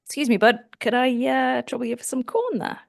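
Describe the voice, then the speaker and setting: A meek, apologetic duck asks politely at the counter, voiced by a woman telling a joke. The voice is lively, with lots of rise and fall. The sound is dry and close. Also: high voice, fairly quick, creaky, no room sound, pitched above the performer's own voice, exaggerated voice. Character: polite forgetful male duck.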